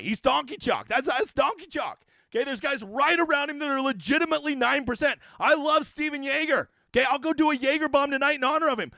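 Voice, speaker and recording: A man's voice: high-pitched, vocal fry, sharp tone, no room sound. A man hosting a casual fantasy golf livestream, talking in brash, profane, joking rants. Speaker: fantasy sports golf analyst.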